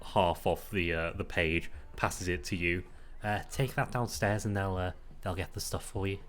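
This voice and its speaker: A man voicing a gruff, busy male market clerk with a Scouse accent, in a tabletop game. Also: deep voice, steady tone, moderate pace, a bit bright, pitched above the performer's own voice. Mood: brusque. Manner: brusque, clipped replies.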